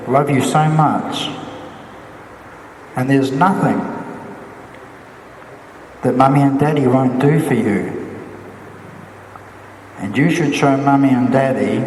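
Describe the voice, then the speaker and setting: A man who is a Buddhist monk gives a gentle Dharma talk to children, coaxing them with simple questions. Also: medium pitch, slight background noise. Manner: coaxing, questioning tone with frequent "huh?"; speaks simply as if to small children. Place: temple hall. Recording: echoey hall from a distant mic.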